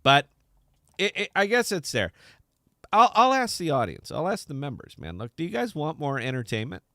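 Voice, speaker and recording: A man's voice: fairly high pitch, very animated, moderate pace, sharp tone, dry recording, studio quality. A man hosting a podcast in casual, unscripted chat, brash and profane, teasing his co-host.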